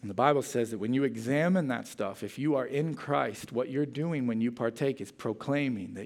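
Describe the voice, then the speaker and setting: Gravelly-voiced male pastor preaching. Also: medium pitch, normal speed, few pauses. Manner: storytelling, reads a humorous story aloud with lively emphasis; turns quiet and earnest in prayer. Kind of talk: sermon.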